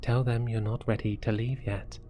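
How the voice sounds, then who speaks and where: A man's voice: medium pitch, little pitch movement, normal speed, mellow, soft background music, natural voice. A man narrating voices the urgent, pleading words of a mysterious young girl heard out of nowhere. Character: mysterious young girl's disembodied voice.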